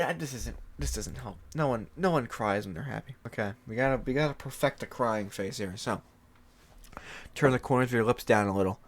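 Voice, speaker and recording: A woman's voice: a bass voice, fairly quick. A woman in a casual comedic vlog, whining in fake sobs and keeps breaking into giggles. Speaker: comedic vlogger.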